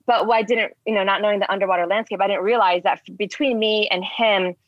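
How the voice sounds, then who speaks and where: A chatty woman with a mid-range voice tells a casual story at a quick pace, rambling and sprinkling in lots of "like" as she animatedly retells events. The sound is dull and dry with no echo.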